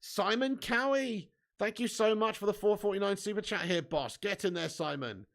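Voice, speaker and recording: A man hosting a live football watch-along, excitably commentating and reading out viewer comments with casual swearing. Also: high voice, moderate pace, vocal fry.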